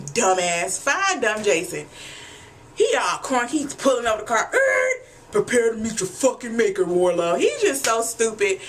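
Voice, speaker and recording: A woman's voice: a little high, a bit bright, slight background noise. Chatty, profane woman vlogger. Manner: chatty, blunt, freely profane, addresses viewers as y'all. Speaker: TV episode recapper. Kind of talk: casual recap vlog.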